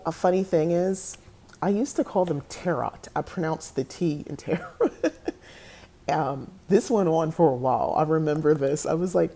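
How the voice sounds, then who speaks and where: A woman's voice: sits low, dark tone, slightly rough. A woman hosting a casual video, talking loosely to the camera, laughing often and drifting into tangents. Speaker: podcast host.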